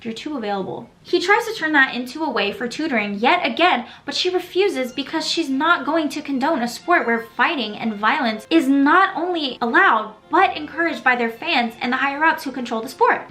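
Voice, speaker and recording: A woman in her twenties recapping a TV episode in a casual vlog, dramatic and sassy with animated asides. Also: high voice, normal speed, few pauses. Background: faint background music.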